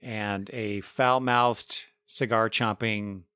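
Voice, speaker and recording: A man co-hosting a podcast, dropping slow, wry interjections in casual chat. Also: on the low side, fairly even intonation, bright, forceful tone, clean tone, no room sound. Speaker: podcast co-host.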